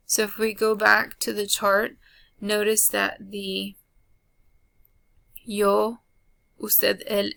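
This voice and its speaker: Slow, flat-voiced woman teaching Spanish grammar. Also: mid-range voice, vocal fry, no echo. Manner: slow, flat delivery with frequent ums and uhs. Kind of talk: recorded classroom lesson.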